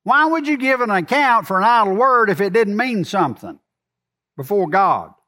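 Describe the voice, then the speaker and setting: High-voiced emphatic preaching man. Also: very animated, moderate pace. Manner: swings from loud emphatic lines to soft low asides; asks the congregation questions. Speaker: pastor. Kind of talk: sermon.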